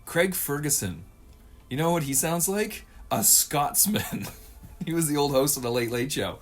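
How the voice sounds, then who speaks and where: A man's voice: a little high, expressive, moderate pace, soft background music. A man co-hosting a podcast, chatting casually in a rambling, profane, jokey way. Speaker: podcast co-host. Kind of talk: casual chat.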